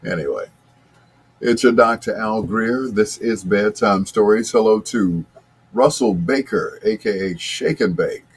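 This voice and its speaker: Husky laid-back late-night DJ man. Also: on the low side, animated, a little slow, faint music behind. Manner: laid-back, chatty, talks to listeners by name. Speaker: radio show host. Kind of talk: late-night radio DJ chat.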